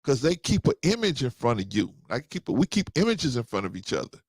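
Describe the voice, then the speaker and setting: A man's voice: medium pitch, very animated, a little fast, no room sound, studio quality. A man hosting a casual show, telling personal stories and acting out both sides of the conversations. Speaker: host. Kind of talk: casual storytelling and live chat commentary.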